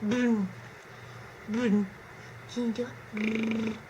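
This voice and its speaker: A mother coaxing her baby in slow, sing-song baby talk at home. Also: a little high, level tone, a little mellow. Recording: noisy home video.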